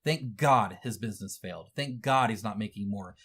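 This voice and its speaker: A man's voice: fairly low pitch, normal speed, a bit bright, slightly rough. A man hosting a wargaming news show, giving heated, indignant commentary and scolding the people he talks about.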